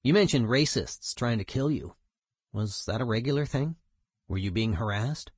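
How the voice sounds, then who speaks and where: A man's voice: medium pitch, lively intonation, normal speed, slightly rough, no echo, clean studio sound. A man voicing a male music journalist who asks short, probing questions.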